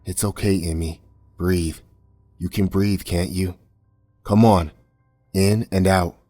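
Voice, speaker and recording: A man voicing a steady young man who speaks softly and calmly to reassure a friend. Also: deep voice, faint music behind. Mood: soothing. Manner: soft, calm, slow.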